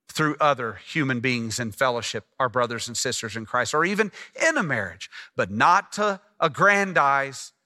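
A man preaching a sermon as pastor, animated and asking the congregation questions as he teaches. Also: medium pitch.

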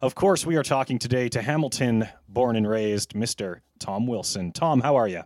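A man hosting a casual podcast, his voice sitting at an ordinary pitch. He stumbles through his intros with many fillers and restarts. The recording is dry, with little room sound. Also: a little mellow, no echo. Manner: halting, lots of fillers and restarts. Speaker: podcast host.

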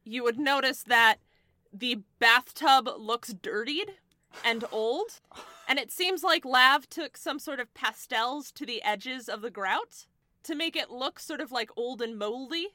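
A woman's voice: sits high, measured pace, bright, forceful tone, dry recording. A woman narrating as game master in a tabletop game, describing scenes with lots of fillers and hesitations.

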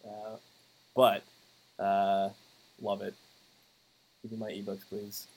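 A man co-hosting a podcast, chatting in an offhand, halting way. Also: fairly low pitch, completely flat delivery, darkish tone, slightly rough, low-quality recording. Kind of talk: casual podcast chat.

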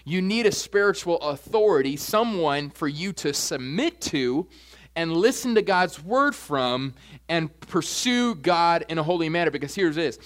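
A young man preaching a sermon as pastor, animated, jumping his voice up high when acting out quoted asides. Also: normal speed.

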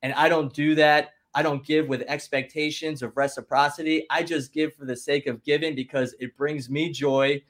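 A man with a fairly high voice talks as a guest business coach, pushing his points with rising energy. He is emphatic and rallying and keeps stopping himself to say "listen." His talk moves between relaxed explanation and loud bursts of encouragement. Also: moderate pace, few pauses. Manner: emphatic, rallying, fond of "guess what" and "listen".

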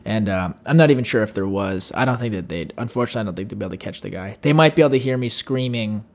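Gravelly, lowish, and very fast, a man's voice carries a long anecdote on a podcast he co-hosts. The storytelling chat is casual and rambling, and he animatedly acts out the people involved, yelling their voices.

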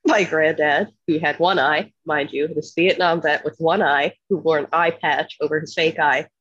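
A woman from Philadelphia telling a profane, animated story in casual podcast chat, laughing often. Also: deep voice, fairly quick, few pauses, no room sound, highs cut off. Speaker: podcast co-host.

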